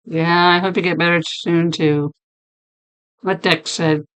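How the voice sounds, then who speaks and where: Woman, streamer, hoarse sick voice, low pitch, smooth tone, chatty and laughing. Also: fairly even intonation, unhurried, a bit bright. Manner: chatty, laughing, talks to chat by name. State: losing her voice, deep sick voice. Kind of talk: casual chat reading stream chat.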